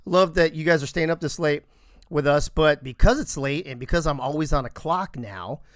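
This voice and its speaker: A man hosting a live-streamed show in casual chat, joking and rattling off quick shout-outs to viewers. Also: a little high, no room sound, studio quality.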